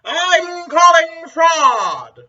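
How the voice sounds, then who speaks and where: A man voicing a ranting older male politician who yells accusations of fraud at strangers. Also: wildly swooping pitch, extremely slow, full character voice. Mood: shouting. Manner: shrill, screaming accusations. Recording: dull distant recording.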